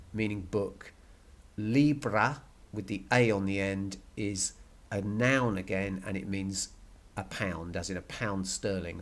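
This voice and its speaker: Male teacher, fairly low voice, patient step-by-step explainer for a recorded lesson. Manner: explains step by step, repeats key words and checks with "okay?". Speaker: language teacher.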